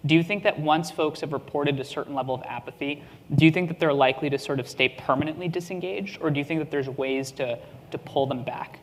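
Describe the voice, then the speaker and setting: A man's voice: fairly high pitch, quick pace, slight background noise. Man moderating a panel in a reverberant hall. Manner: upbeat, asks questions. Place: hotel ballroom. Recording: reverberant hall with faint ambience.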